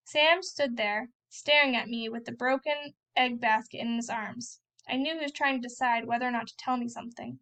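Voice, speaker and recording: High-voiced woman reading a novel. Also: fairly even intonation, normal speed, few pauses, sharp tone. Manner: plain first-person storytelling. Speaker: reader.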